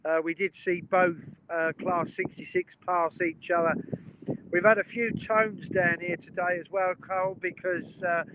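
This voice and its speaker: Male live streamer outdoors by the tracks, high and chatty, faint wind behind. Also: level tone, measured pace. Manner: chatty and enthusiastic, greets viewers by name. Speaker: train spotting live streamer. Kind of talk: casual live-stream commentary. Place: outdoors beside a railway line by a river.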